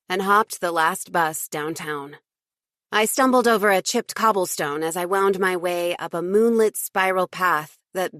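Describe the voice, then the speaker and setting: A woman reading a first-person audiobook in an even, lightly wry storytelling voice. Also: fairly low pitch, dry recording, clean studio sound. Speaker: audiobook narrator.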